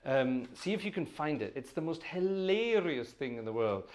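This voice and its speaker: A man chats between organ pieces on a home livestream, rambling and joking. His voice sits a little high and swings widely, with lots of ums along the way. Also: very animated, moderate pace. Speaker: concert organist hosting a livestream. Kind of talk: casual chat between pieces. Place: home with organ, family nearby.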